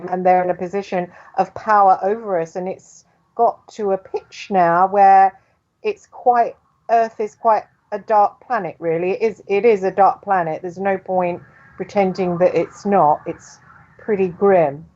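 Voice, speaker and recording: A woman speaking as a guest on a radio show by phone from her home, earnest and trailing off quietly at the ends of phrases. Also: mid-range voice, steady tone, measured pace. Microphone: telephone. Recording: dull phone line.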